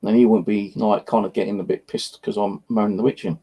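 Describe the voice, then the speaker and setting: A man's voice: lowish voice, steady tone, fairly quick, mellow, breathy edge, poor audio. A man rambling in a casual evening chat, frustrated and swearing often as he vents. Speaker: vlogger. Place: at home, indoors.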